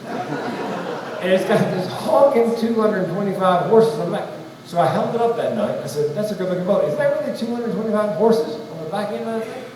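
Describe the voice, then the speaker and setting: A man's voice: high voice, brisk. A man from North Carolina, doing a folksy stand-up storytelling routine in front of a live audience. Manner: storytelling, animated, folksy asides. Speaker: stand-up comedian. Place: large hall with live audience. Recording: echoey hall, distant mic, crowd noise.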